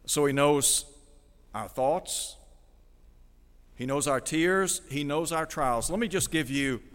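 A man's voice: a little high, takes it slowly, a bit bright, big-room sound. A man preaching a radio sermon, reading scripture aloud and asking his listeners direct questions in an earnest manner.

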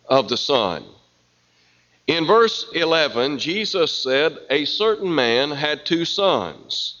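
A man preaching a sermon, his voice nasal and stuffy from a cold, speaking in a measured, earnest way. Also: a little high, fairly bright tone. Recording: dull lo-fi sound.

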